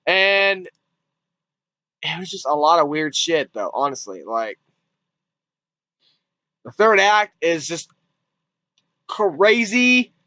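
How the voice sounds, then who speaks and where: A man's voice: on the high side, big pitch swings, slow, pauses often, sharp tone, dry recording, low-quality recording. A man giving a casual spoken movie review, rambling and repeating himself, with casual swearing.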